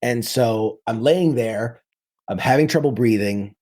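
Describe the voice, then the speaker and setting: A New York City military veteran in his thirties tells his story casually in a mid-range, unhurried, slightly mellow voice. His talk brims with vivid detail and frequent restarts.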